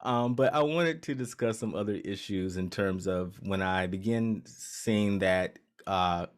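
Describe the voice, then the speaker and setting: A man's voice: deep voice, measured pace. A man co-hosting a podcast in casual chat, hesitant with many fillers and restarts, laughing often. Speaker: podcast co-host.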